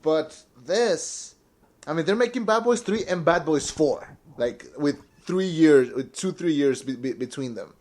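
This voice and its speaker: A man chats about movies on a casual podcast, stumbling over his words with constant restarts. He gets excitable easily, and his voice sits a touch higher than most men's. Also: measured pace. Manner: excitable, stammers and repeats words. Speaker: podcast co-host.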